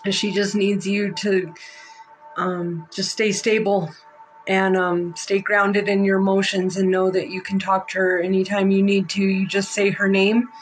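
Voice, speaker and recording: Slow, emotional woman reading tarot. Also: mid-range voice, level tone, soft background music, rough recording. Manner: slow, emotional, halting with many fillers. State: near tears. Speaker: psychic reader. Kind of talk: live-streamed tarot reading.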